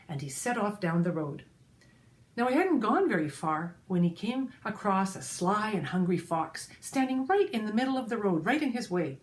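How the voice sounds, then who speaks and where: A woman storyteller tells a children's folk tale with lively expression. She speaks straight to her young listeners as she goes. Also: mid-range voice, moderate pace. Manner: expressive, addresses listeners directly.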